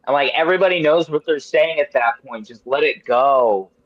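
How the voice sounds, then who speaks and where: A man's voice: fairly high pitch, moderate pace, no echo. Guy in his 30s ranting on a podcast, swears a lot, rambles, dry dull mic. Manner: animated, rambling, profane. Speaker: podcast host. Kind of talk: casual chat.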